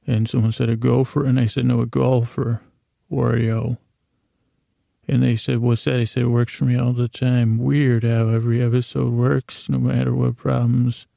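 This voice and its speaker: A man with a deeply gravelly, fry-laden voice wanders through a bedtime ramble for sleepers. His tone is dark and mellow, and his delivery stays flat and low-key. The sound is close and completely dry. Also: no echo. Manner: low-key, meandering, deliberately dull. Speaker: sleep podcast host.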